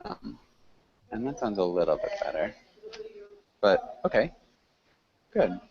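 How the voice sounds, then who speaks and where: A man teaching an online English class, correcting students patiently and clearly. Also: on the low side, very animated, takes it slowly, crowd noise. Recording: muffled lo-fi call audio with faint hiss.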